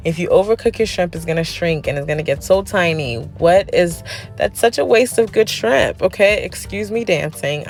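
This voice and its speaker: A woman's voice: on the low side, darkish tone. A young woman narrating a casual cooking video, chatty, often tagging her lines with "okay?" and "honey". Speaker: cooking vlogger.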